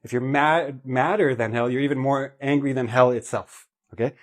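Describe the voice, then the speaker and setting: A man gives an English vocabulary lesson in a medium-pitched voice. He explains each word patiently and keeps checking in with the listener. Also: steady tone, normal speed. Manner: explanatory, checks in with "okay?" and "right?". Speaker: English teacher.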